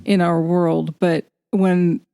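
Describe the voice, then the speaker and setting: A woman's voice: on the low side, little pitch movement, takes it slowly, creaky, warm tone, no room sound, clean studio sound. A woman co-hosting a faith podcast, talking in an earnest, candid way and laughing easily. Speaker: podcast co-host. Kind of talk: reflective faith podcast chat.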